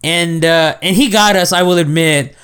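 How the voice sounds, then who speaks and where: A man's voice: on the high side, normal speed, a bit bright, smooth. A young man co-hosting a casual podcast, chiming in with dry, wry remarks. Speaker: podcast co-host.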